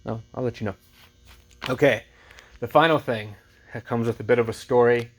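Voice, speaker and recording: A man who resells thrift finds, telling a story casually and with lively energy. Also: mid-range voice, moderate pace. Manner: chatty, animated retelling with laughs.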